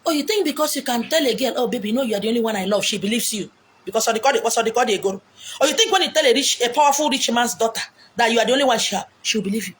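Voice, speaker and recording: A woman with a Nigerian accent delivering an animated, preaching monologue, acting out quotes with big swings in pitch and loudness. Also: fast. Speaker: self-styled spiritual messenger. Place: beach, outdoors. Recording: faint background noise, outdoors.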